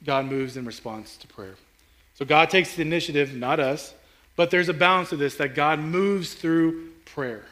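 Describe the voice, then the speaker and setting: Bright-voiced male pastor preaching. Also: fairly high pitch, moderate pace. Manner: earnest preaching, rising intensity, frequent repeats and restarts. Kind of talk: sermon.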